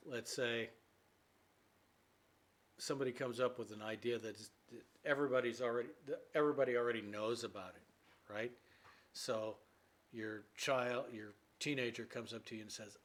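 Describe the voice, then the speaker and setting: A man giving a casual English idiom lesson, chatty and full of fillers, acting out everyday examples. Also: mid-range voice. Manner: chatty, with many fillers and play-acted quotes. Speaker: English teacher.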